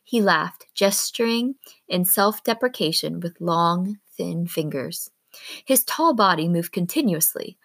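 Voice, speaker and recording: A woman reading a novel aloud in a calm, steady storytelling manner. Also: lowish voice, a little slow, no room sound. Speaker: reader.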